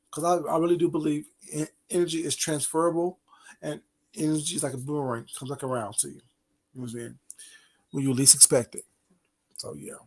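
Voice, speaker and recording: Gravelly, gossipy man on a livestream. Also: fairly high pitch, a little mellow. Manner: gossipy, teasing and laughing often. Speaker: livestream host talking to chat. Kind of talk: casual late-night livestream gossip.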